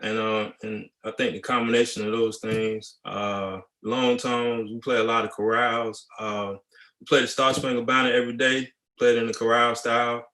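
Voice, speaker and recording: A male high school band director giving a relaxed, conversational masterclass talk, acting out students' replies. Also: moderate pace. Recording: echoey room.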